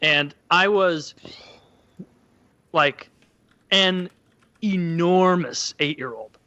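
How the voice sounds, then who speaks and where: Bright high-voiced man telling stories. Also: drawn-out words, highs cut off. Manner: animated, acts out quotes in a high voice. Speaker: podcast co-host. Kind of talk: casual storytelling.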